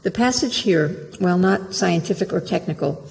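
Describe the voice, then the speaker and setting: A literary translator reading a prepared lecture in a measured, careful way, heard in a lecture hall. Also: medium pitch, expressive, gravelly. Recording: long hall reverb.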